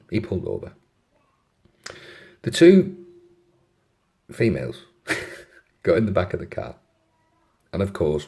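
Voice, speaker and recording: A man's voice: deep voice, a little mellow. A man casually telling a funny anecdote, often chuckling and adding apologetic asides. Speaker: storyteller.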